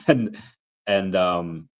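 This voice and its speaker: Deep-voiced man in his thirties, sick with flu. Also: very slow, dull audio. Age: 30s. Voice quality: rambling, many restarts, coughing. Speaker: crypto livestream host. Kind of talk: casual livestream Q&A.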